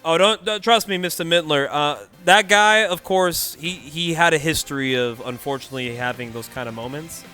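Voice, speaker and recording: A young man from the Bay Area commentates a game tournament in a loose, slangy, animated style. His voice is bright and sits slightly high for a man. Soft music plays faintly behind him. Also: normal speed, hardly any pauses. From California Bay Area. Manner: animated, slangy, laughing storyteller. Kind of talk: casual storytelling commentary.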